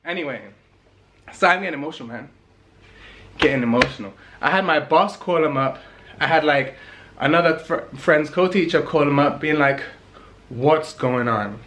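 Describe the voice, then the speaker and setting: A young man from England, telling a story in a casual vlog in an animated, emphatic way, repeating lines for effect. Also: a little high, a little fast, a little hiss or hum.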